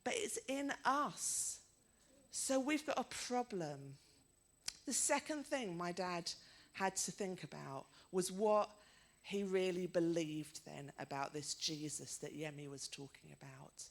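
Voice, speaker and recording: A woman's voice: lowish voice, slow pace, gravelly. A middle-aged woman preaching a sermon, telling stories in a chatty way and putting questions to her listeners.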